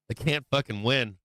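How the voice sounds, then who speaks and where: A man's voice: medium pitch, pushed and bright, no echo. Rambling, profane middle-aged man. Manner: rambling and profane, heavy on "like" fillers. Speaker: stock market livestream host. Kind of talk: casual livestream chat.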